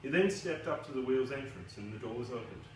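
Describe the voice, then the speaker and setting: A man's voice: mid-range voice, animated, brisk, darkish tone, far from the mic, slight background noise. Chatty male author, very echoey room. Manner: casual, self-deprecating, chatty asides. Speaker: debut novelist. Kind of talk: book launch speech and reading.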